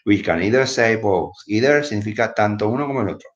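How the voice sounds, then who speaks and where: This English teacher, a bit sleepy, talks fast in a voice on the low side during a casual live video lesson. He switches out of English to explain words, and the audio is echoey, dull and lo-fi.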